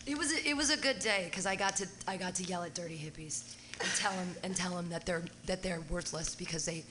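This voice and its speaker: A woman's voice: lowish voice, brisk, background noise. A woman hosting a casual radio chat, ranting with heavy swearing. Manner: profane, heated, rants and reenacts yelling. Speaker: radio show host.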